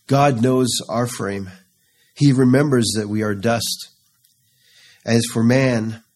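A man preaches in a low, unhurried voice, reading scripture aloud. He builds into fervent, pleading passages as he quotes the psalms. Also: darkish tone. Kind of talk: sermon.

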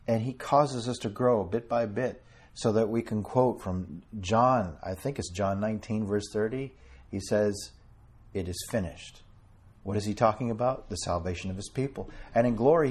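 A man preaching an earnest sermon to a small congregation, quoting scripture and slowing down to stress key words. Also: on the low side, darkish tone, husky. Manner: quotes King James scripture with a chuckle between.

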